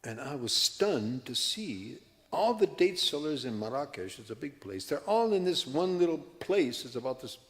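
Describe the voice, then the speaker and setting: A workshop speaker in his seventies, originally from California, tells rambling stories full of tangents and restarts. His mid-range voice swings widely in pitch at a normal pace, echoing with long reverb through the mosque hall.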